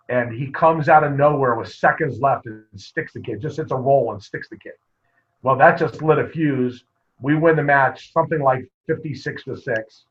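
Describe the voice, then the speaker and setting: A man, a wrestling coach, telling stories in a casual interview, lively and full of quoted dialogue. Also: mid-range voice, moderate pace, slightly rough. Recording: muffled lo-fi podcast audio.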